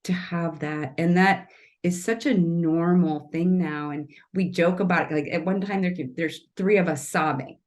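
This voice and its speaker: A woman's voice: fairly low pitch, fairly even intonation, moderate pace, a little mellow. Earnest, emotional woman guest. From Kansas City, Missouri. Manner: emotional, earnest, rambling with restarts. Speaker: podcast guest, tree artist and storyteller. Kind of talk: casual podcast interview.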